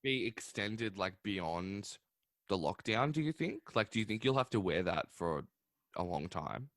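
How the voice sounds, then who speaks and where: Young male podcast host, casual and animated; lowish voice with lively pitch, dry close sound. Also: measured pace, no echo. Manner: animated, chatty. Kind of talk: casual chat.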